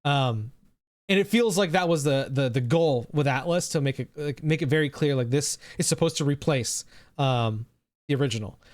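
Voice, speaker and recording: A man's voice: fairly high pitch, moderate pace, dry recording, studio quality. A man streaming live, chatting casually and rambling, swearing freely and answering his chat.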